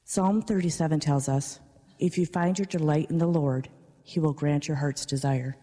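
A woman's voice: low-pitched, moderate pace. Earnest woman reading her church testimony. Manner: earnest, steady. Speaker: parishioner giving testimony. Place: large church. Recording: long church reverb.

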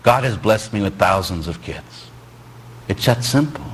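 A man who is a Catholic priest, preaching a sermon with animated storytelling and sudden shouts. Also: lowish voice, a little slow, a little hiss or hum. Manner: animated storytelling, acts out dialogue, bursts into shouts.

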